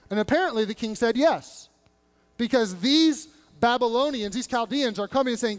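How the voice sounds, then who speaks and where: A man with a strikingly high voice preaches a sermon, slipping into casual modern speech to dramatize the scripture. His voice rings out with a long reverb, as if captured in a large church sanctuary. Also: normal speed, clean tone. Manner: animated preaching, acting out biblical characters in casual modern speech. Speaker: pastor.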